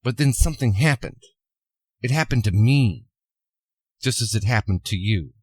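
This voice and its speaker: A man voicing a calm, solemn masked male vigilante, speaking in a measured, earnest way. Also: medium pitch, husky, dry recording.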